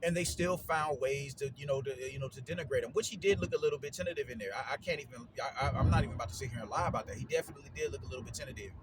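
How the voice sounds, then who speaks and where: A man giving casual solo commentary on boxing, slangy and animated, repeating himself and leaning on fillers. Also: medium pitch, rapid-fire, few pauses, noisy background.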